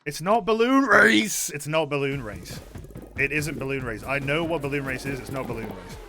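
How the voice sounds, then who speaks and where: A man's voice: mid-range voice, a little fast, noisy background. A man streaming a game and chatting casually, rambling, sarcastic and swearing a lot. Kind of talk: casual gaming stream chat.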